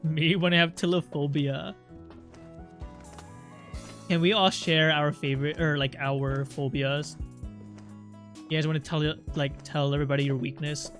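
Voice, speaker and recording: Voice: mid-range voice, flat delivery, measured pace, pauses often, a bit bright, faint music behind. Chatty, swearing game streamer. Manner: chatty, swears, laughs, drifts into reading dialogue. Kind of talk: casual gameplay commentary, chatting with viewers.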